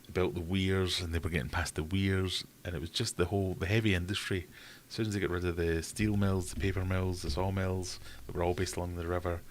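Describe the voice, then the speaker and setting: A man's voice: low voice, little pitch movement, a little fast, hardly any pauses, slight background noise. A man from Sheffield, hosting a casual livestream and chatting in a rambling way while answering viewer questions. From Sheffield, England. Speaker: livestream host.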